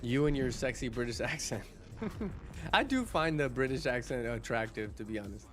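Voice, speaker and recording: Faint music plays behind this man's medium-pitched voice, which is animated and fairly quick. Live-streaming, he chats loosely with his audience, answering chat messages in a rambling way full of restarts and repeated words.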